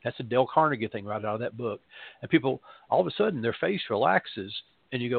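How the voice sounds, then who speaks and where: A man's voice: medium pitch, animated, fast talker, creaky, husky, dry recording. A man, a pastor telling stories in a rambling, conversational way, with restarts and quoted asides. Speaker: pastor and radio show voice. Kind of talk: casual storytelling chat. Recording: dry, phone-like line.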